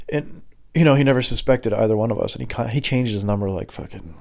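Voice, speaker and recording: A man's voice: mid-range voice, fast talker, gravelly, darkish tone. A young adult man telling a story in a loose, meandering, self-mocking way, swearing casually. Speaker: host.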